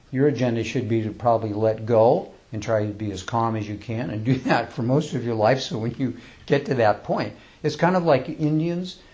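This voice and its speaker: A man giving an informal dharma talk as a Zen teacher, in a relaxed and conversational way. He chuckles often and restarts his sentences. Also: mid-range voice. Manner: relaxed and conversational, reads poems slowly.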